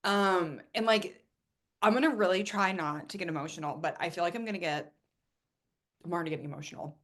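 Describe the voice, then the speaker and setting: A woman's voice: fairly low pitch, a little fast, a bit bright. A woman from Ohio hosting a live webinar, talking in an enthusiastic, chatty way and often repeating herself. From Ohio, USA. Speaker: webinar host and coach.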